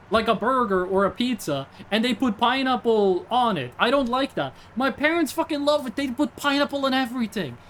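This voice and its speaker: A man's voice: very high-pitched, slight background noise. A man in his twenties streaming a game, rambling casually, reading chat aloud and tossing in jokey asides.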